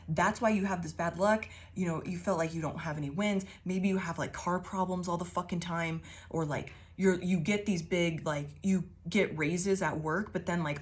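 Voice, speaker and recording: A woman giving a casual tarot reading to her viewers, rambling, swearing often, laughing, and showering them with affirmations. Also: fairly low pitch. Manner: affirming, calls listeners babies. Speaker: tarot reader.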